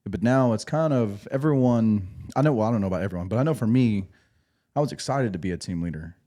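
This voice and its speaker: A man with a low, mellow voice tells old service stories on a podcast in a loose, rambling way, swearing freely and restarting sentences. His tone stays dark and relaxed throughout. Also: quick pace. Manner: laid-back, rambling, profane, with restarts. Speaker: podcast host, former infantry Marine. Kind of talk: casual storytelling.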